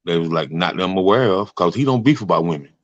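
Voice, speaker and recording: A man's voice: deep voice, expressive, fast, dry recording, highs cut off. A man hosting a talk show, speaking casually and hesitantly, often retelling what people said. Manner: hesitant, retells with "they was like". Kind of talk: casual conversation.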